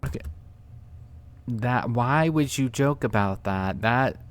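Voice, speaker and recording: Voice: medium pitch, expressive, slow, smooth. A reaction commentator talking casually to viewers, sarcastic and teasing.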